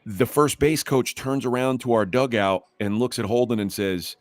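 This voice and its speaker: A middle-aged man's medium-pitched voice carries this casual podcast story at a moderate pace, without echo. As host, he rambles, starts over many times, and becomes more and more heated.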